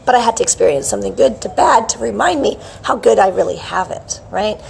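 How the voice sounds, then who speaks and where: A middle-aged woman hosting a casual live wellness stream, chirpy and animated, greeting viewers by name. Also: medium pitch, fairly quick, creaky, a little hiss or hum, rough recording. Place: outdoors with a palm tree behind. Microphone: hands-free phone camera.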